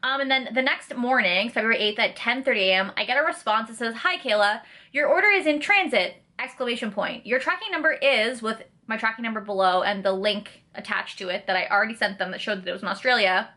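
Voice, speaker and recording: Bright-voiced ranting young woman. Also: a little high, quick pace. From Canada. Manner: blunt, sarcastic and profane. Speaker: vlogger. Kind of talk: ranting vlog.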